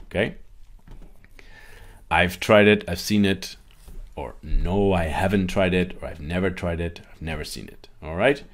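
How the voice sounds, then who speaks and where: A man teaching English grammar in a live online class, chatty, reading out viewers' comments and often checking that they follow. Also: low voice.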